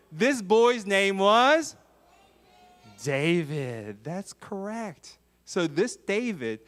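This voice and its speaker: A man preaching a sermon to children, lively and full of questions to the kids in a church. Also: high-pitched.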